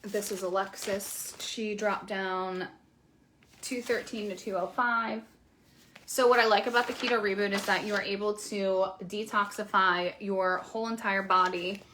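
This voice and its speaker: A woman's voice: mid-range voice, bright, forceful tone, slight background noise. A young woman coach talking frankly and casually to her viewers, with many fillers. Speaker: keto coach. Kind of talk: casual promotional video talk.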